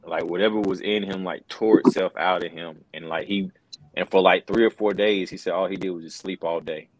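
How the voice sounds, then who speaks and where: A man's voice: sits low, fairly even intonation, a little fast, dry recording, low-quality recording. A middle-aged man, a wrestling commentator, telling a story in an earnest, loose way, often saying "bro" and "man". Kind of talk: casual interview storytelling.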